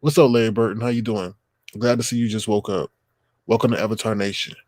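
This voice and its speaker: A man's voice: fairly low pitch, steady tone, fast talker, a little mellow, no room sound, studio quality. A man in his thirties hosting a casual livestream, talking bluntly and with profanity straight to his viewers from home. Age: 30s. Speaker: livestream host.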